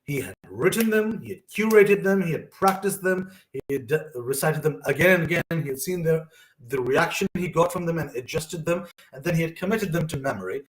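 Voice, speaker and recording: A man's voice: on the high side, expressive, a little fast, roomy sound, rough recording. A young man hosting a personal monologue, telling earnest, emotional stories about his upbringing. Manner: earnest, emotional storytelling with quoted asides. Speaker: host.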